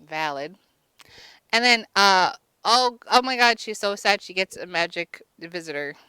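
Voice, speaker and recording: A woman's voice: mid-range voice, animated, a little slow, bright, forceful tone, clean tone, dry recording. A woman vlogger giving a casual comic movie recap, crude and rambling with lots of fillers.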